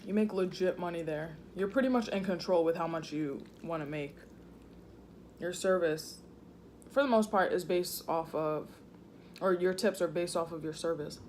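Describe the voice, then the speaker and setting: A woman's voice: on the low side, moderate pace, darkish tone, slight background noise. A woman vlogger chatting casually and slangily between bites while eating at home. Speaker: mukbang vlogger. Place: home room indoors. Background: faint thunderstorm.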